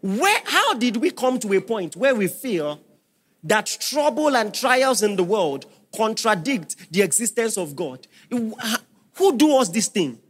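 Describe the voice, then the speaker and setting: A man's voice: high-pitched, big pitch swings, unhurried, a bit bright, slightly rough. A man preaching a sermon as pastor, emphatic and firing questions at the congregation.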